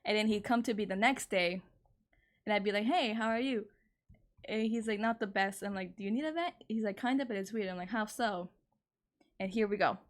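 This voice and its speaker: A twentysomething woman streams from home, briskly recounting a personal story in a casual chat. She's candid and exasperated, swears freely, and her pitch jumps up whenever she gets indignant.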